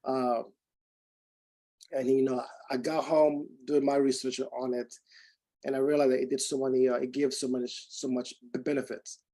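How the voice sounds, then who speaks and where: Mellow-voiced man telling a story. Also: medium pitch, normal speed, poor audio. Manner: animated, acts out quoted dialogue with many restarts. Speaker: speaker giving a testimonial. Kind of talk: personal storytelling to a group.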